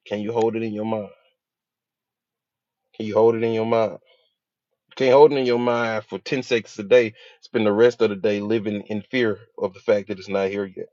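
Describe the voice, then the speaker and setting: This man's voice runs on the low side with a darkish tone and no echo. He's a hypnotherapist and father of a school-age child, giving a slangy motivational talk built on emphatic repetition and rhetorical questions, recorded dull, dry, and lo-fi.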